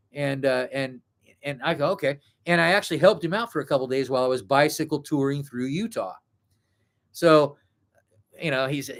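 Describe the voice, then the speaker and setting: A man's voice: fairly high pitch, a bit bright. A middle-aged man telling a story in a rambling, casual way, full of fillers and self-corrections.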